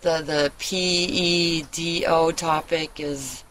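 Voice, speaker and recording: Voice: mid-range voice, flat delivery, slow pace, a bit bright, a little hiss or hum, rough recording. A vlogger talking in a loose, rambling monologue, blunt and full of swearing, often trailing off and starting over. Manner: blunt and profane, trails off and restarts. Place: at home, living in Germany.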